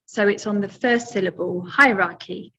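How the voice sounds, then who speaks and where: A woman's voice: on the high side, measured pace, a bit bright, muffled recording, a little hiss or hum. A woman teaching English pronunciation in a webinar, patient and step by step, with many fillers. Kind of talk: webinar lesson.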